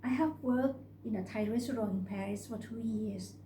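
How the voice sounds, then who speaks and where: A woman voicing a cheeky young rural woman from the northeast who talks in a bright, forthright way. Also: a little high, normal speed, slight background noise, lightly acted. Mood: cheerful. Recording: roomy recording.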